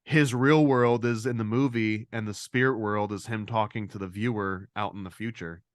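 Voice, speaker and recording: A man co-hosting a casual discussion podcast, talking in an animated way and acting out quoted lines in a raised voice. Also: fairly low pitch, normal speed, no echo, studio quality. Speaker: podcast co-host.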